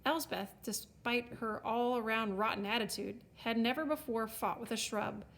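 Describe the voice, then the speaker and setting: Woman, audiobook narrator, wry storybook reading, fairly high voice. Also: normal speed, vocal fry, fairly bright tone.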